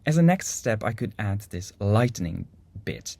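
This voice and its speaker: Calm male instructor, mellow husky tone, steady explanatory delivery. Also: lowish voice, a little slow, dry recording. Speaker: music teacher. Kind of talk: instructional video lesson.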